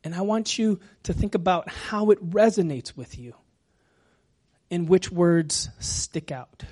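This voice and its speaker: A man preaching a sermon as pastor, talking gently and sometimes dropping to a whisper. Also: high-pitched, animated. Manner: slow, gentle, drops to a whisper at times.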